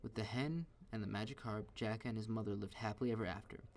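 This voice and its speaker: A man reads a children's story aloud in a steady, expressive manner. His voice sits low and carries a gravelly texture. He gives each sentence a storyteller's weight. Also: fast.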